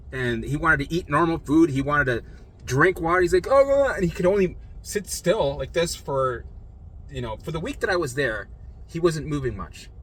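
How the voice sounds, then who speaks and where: Young man, blunt casual storyteller, crisp bright tone, faint noise behind. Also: fairly high pitch. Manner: blunt, swears freely, acts out voices of others. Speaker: storyteller sharing his recovery.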